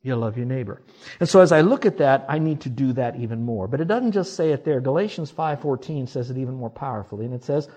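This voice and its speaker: A middle-aged male pastor preaching a sermon, swinging from loud emphasis to hushed asides. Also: mid-range voice, expressive, fast talker.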